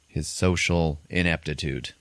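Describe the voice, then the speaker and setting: A man's voice: a bass voice, steady tone, a little slow, no room sound. A man hosting a podcast, casually retelling a movie's plot with lots of fillers. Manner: rambling, filler-heavy retelling. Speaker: podcast host. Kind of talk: casual chat, recapping a movie.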